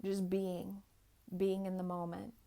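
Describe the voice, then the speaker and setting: Earnest woman with a flat, level pitch. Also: slow pace. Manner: earnest, speaks straight to viewers. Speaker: guest speaker. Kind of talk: inspirational personal talk.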